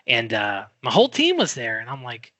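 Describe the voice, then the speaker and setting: A middle-aged man telling a story in a podcast chat, animated and quick to act out what people said. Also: mid-range voice, dry recording. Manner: animated storyteller, acts out quoted voices. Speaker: guest.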